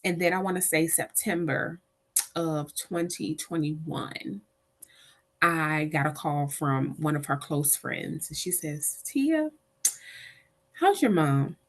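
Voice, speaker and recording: In a low-pitched voice, a middle-aged woman takes her time recounting a caregiving experience from her own life during an interview. She's animated, imitating the voices of the people in her story.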